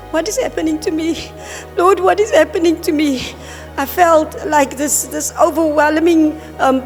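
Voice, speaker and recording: A woman with a very high voice tells her vision as a testimony. She speaks in halting, repeated phrases and acts out the words she heard. Her voice carries a long reverb from the hall, with soft music underneath. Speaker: church member giving testimony.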